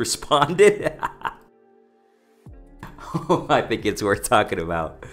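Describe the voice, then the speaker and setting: Excited man doing boxing commentary. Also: mid-range voice. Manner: excited, repetitive, addresses "ladies and gentlemen", many restarts. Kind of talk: casual commentary monologue.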